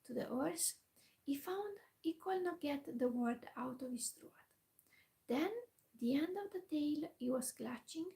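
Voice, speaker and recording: A woman in a whispered role-play, reading a classic storybook aloud softly with quiet asides. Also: high-pitched, lively intonation, unhurried, vocal fry, poor audio.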